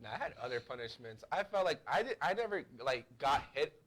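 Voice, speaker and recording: Casting: laid-back male co-host, slightly high, bright, animated intonation. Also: brisk. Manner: laid-back, chimes in with short reactions. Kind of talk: casual chat.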